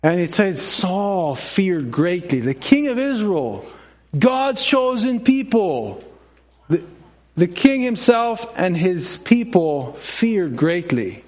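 A middle-aged man preaches a sermon in a high, very animated, slightly mellow voice, taking his time. He tells stories, voices the characters in them, and often pauses to question himself aloud.

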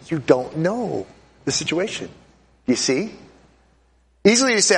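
A man giving a classroom lecture to an audience, animated and urging, repeating himself as he runs a live demonstration and acts out voices. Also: fairly high pitch, measured pace, pauses often.

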